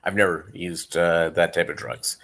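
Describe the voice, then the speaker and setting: A man's voice: low voice, steady tone, moderate pace, fairly bright tone. A tired man hosting a casual livestream, rambling with lots of fillers while he chats with viewers. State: tired, yawning. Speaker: livestream host.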